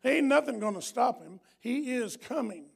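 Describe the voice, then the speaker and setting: A middle-aged man preaching a sermon, emphatic and repetitive, swinging from hushed lines to loud ones. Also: very high voice, lively intonation, normal speed, vocal fry, breathy edge. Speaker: pastor.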